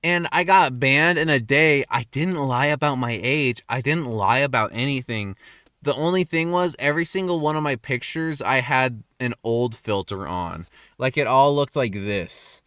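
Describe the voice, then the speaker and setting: A young man rambling in a casual rant, crude and self-mocking, his pitch jumping up and down. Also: moderate pace, a bit bright, clean tone, dry recording, studio quality. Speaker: vlogger. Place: car in a parking lot at night.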